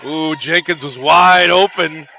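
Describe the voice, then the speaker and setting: A man calling a live basketball game play-by-play, lively and chatty, with excited calls on big plays. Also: a little high, slow, gravelly. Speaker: play-by-play commentator.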